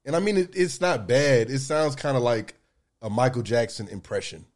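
A man's voice: medium pitch, normal speed, darkish tone. A man co-hosting a podcast, blunt and joking in casual chat. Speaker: podcast co-host.

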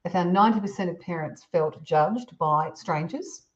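A woman, a parenting expert guest, giving calm, measured advice in a podcast conversation. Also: fairly low pitch, dull audio, a crowd in the background. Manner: calm, measured, explains with examples.

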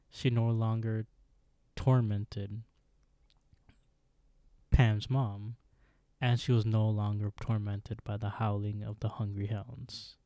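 A man co-hosting a podcast, calmly wrapping up a story recap. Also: lowish voice, no room sound. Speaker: podcast co-host. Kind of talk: casual episode recap.

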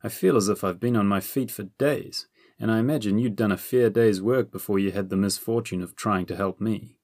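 A man's voice: on the low side, a little fast, a little mellow, no echo, clean studio sound. A man voicing a polite, wry wizard in an audiobook, talking in a mild, understated way.

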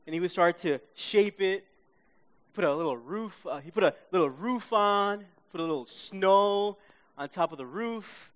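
High-voiced animated New storyteller man. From Queens, New York. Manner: animated, acts out his own reactions, often checks in with listeners. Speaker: speaker. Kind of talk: storytelling talk to a live audience.

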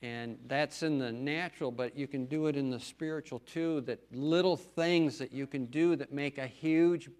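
Man, middle-aged, farmer preaching, folksy, earnest, emphatic, everyday pitch. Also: moderate pace, hardly any pauses, a little mellow. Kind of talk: church testimony talk.

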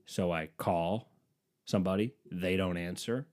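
A man's voice: deep voice, a little slow, a little mellow. A man telling a comedic story in a casual, rambling way, sarcastic and full of swearing.

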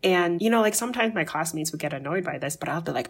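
A young woman from Jamaica, a podcast guest telling animated stories and acting out the people in them. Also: lowish voice, fast talker, breathy edge. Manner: animated, acts out voices in her anecdotes. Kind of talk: casual storytelling interview.

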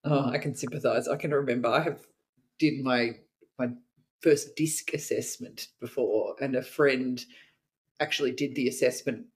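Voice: medium pitch, steady tone, normal speed. A podcast host who laughs easily and shares self-deprecating stories with the guest. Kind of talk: casual podcast conversation.

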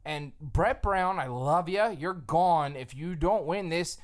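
A man co-hosting a sports podcast, ranting fast and emphatically with lots of swearing. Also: fairly high pitch. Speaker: podcast co-host. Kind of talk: fired-up sports rant.

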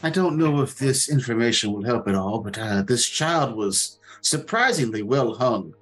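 A man's voice: medium pitch, lively intonation, moderate pace, faint music behind. A man playing a tabletop game, making crude jokes. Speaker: player. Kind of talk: joking tabletop game play.

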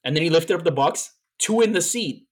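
A man's voice: on the high side, animated, brisk. A man co-hosting a podcast in casual chat, telling stories in a playful, teasing way and tripping over his fillers. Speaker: podcast co-host.

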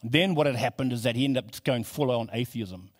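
A man's voice: medium pitch, brisk. A man preaching a sermon in a conversational way, building to emphatic repetition.

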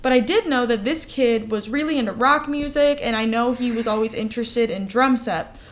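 A woman co-hosts a relaxed podcast chat, her voice sitting a little on the high side. She tells her stories in an animated way, stacking up "like" and "uh" as she goes. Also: moderate pace. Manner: animated storytelling with many fillers. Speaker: podcast co-host.

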